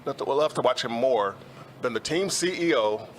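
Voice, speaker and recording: Relaxed rambling male sports analyst. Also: mid-range voice, normal speed, a little hiss or hum. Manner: relaxed, rambling, many fillers and restarts. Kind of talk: casual sports talk.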